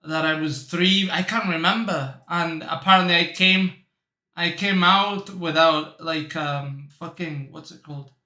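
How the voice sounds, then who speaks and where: A man's voice: fairly high pitch, unhurried, pushed and bright, roomy sound. A young man chatting casually while reacting to a video, telling rambling stories, laughing often and calling the listener bro. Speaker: reaction streamer. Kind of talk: casual chat.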